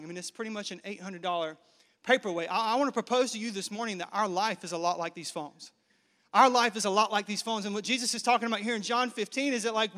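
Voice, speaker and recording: A man in his thirties from Nigeria, a pastor preaching a lively, joking sermon to a live congregation. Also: high voice. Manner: lively, joking, engages the crowd. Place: large hall with live congregation. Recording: reverberant church hall.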